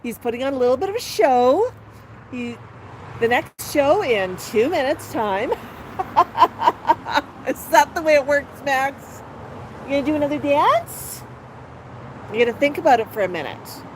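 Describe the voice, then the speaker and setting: A woman's voice: sits high, expressive, normal speed. Sing-song woman cooing to her bird. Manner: sing-song baby talk to the bird, laughing often. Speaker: parrot owner and channel host. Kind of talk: casual vlog, talking to her pet bird. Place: outdoors on a patio by a street. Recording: outdoor recording with street noise. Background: outdoor street ambience with passing cars.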